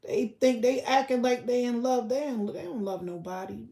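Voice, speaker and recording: A woman rants on a livestream and talks straight to her chat, blunt and profane. Her voice sits a little high but has a mellow, soft edge. The room around her is echoey. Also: moderate pace, vocal fry. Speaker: livestream host. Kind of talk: casual livestream rant.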